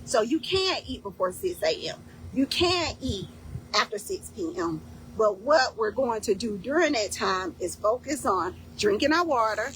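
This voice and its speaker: A woman leading a faith-based fasting program in casual instructional talk, emphatic and repeating key points with "okay?". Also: a little high, expressive, a bit bright, a little hiss or hum, rough recording.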